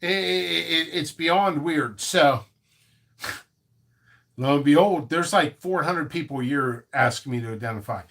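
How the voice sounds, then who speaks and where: Guy on a live stream rambling about his seed biz, kinda high voice, lots of restarts. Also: unhurried, gravelly. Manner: rambling, animated storytelling with many restarts and asides.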